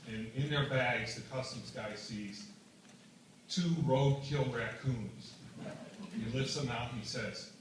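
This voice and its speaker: An older man telling stand-up jokes with deadpan delivery at a community variety show, heard from far off in an echoey hall with an audience behind him. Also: mid-range voice, background noise. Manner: deadpan storytelling with punchlines. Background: audience laughter.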